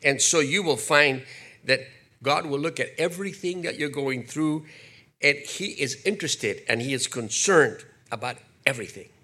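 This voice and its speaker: An older man preaching a sermon, animated, slipping into acted quotes and jokey asides. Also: medium pitch, normal speed. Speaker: pastor.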